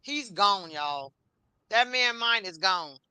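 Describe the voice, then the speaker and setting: A woman co-hosting a podcast in casual chat, frank and mocking in an animated way. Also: medium pitch, takes it slowly, smooth, no echo, low-quality recording. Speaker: podcast co-host.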